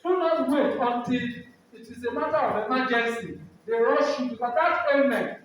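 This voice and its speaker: A man's voice: very high voice, normal speed, a bit bright. A middle-aged Nigerian man preaching at a church program, exhorting and asking the same questions again and again. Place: large hall, church program. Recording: echoey hall, mic far off.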